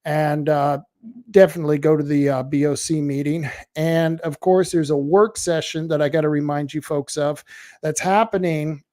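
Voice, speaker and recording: A man's voice: fairly high pitch, fairly even intonation, normal speed, darkish tone, no room sound, studio quality. A man hosting a local political web show in casual livestream commentary, blunt and sarcastic as he talks back to online commenters.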